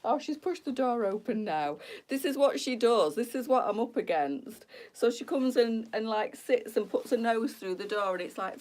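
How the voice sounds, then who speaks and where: A chatty British woman hosting a relaxed live stream, rambling from one tangent to the next. She sits a little back from the mic, so her voice sounds slightly distant. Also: a little high, normal speed, hardly any pauses. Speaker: boutique live-stream host. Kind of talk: casual live-stream chat.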